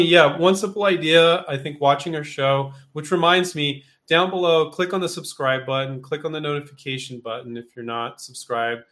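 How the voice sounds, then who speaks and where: A man with a medium-pitched, fairly bright voice hosts a casual live Q&A, answering viewer questions. He talks loosely and chattily, full of fillers and restarts, and acts out small quoted exchanges.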